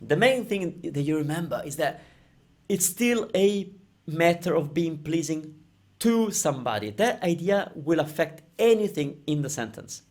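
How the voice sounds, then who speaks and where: A man teaching a language lesson, explaining over slides, repeating phrases slowly and checking in with "okay?". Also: a little high, animated, darkish tone.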